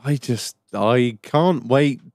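A man from the joking and swearing with his mates on a podcast, chipping in with quick asides. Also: medium pitch, no echo, clean studio sound. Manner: animated, sweary, jokey interjections. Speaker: podcast co-host. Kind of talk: casual banter among mates.

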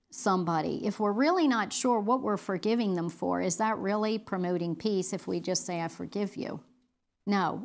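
A middle-aged woman leading a women's Bible study, talking earnestly and conversationally with fillers and restarts. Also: medium pitch.

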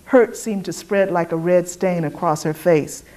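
Woman giving a measured literary reading. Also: on the low side, a little mellow. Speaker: reader.

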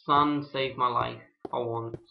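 A man commenting on his own gameplay in an excitable way, yelping and raging at enemies. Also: medium pitch, takes it slowly, gravelly, dull audio, slight background noise. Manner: excitable, yelps and rages at enemies. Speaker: gamer. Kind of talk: let's play commentary.

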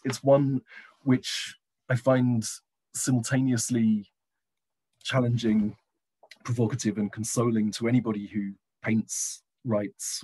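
A middle-aged man giving a reflective lecture over a video call, pausing with hesitant fillers and slowing down when he reads passages aloud. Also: lowish voice, darkish tone, husky, poor audio. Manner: reflective, hesitant, slows down for readings. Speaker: guest lecturer and poet. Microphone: computer mic on a video call.

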